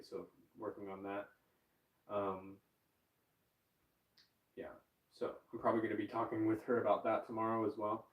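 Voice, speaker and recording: A man chatting casually to his stream viewers, rambling with many fillers and laughing at himself. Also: fairly low pitch. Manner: rambling, frequent fillers, self-mocking laughs. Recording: roomy echo, distant from mic.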